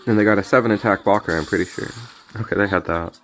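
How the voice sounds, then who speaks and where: A man's voice: on the low side, quick pace, a little hiss or hum. A young man streaming a card game, talking in a laid-back, jokey way and often mumbling his asides. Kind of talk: casual gameplay commentary. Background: faint music.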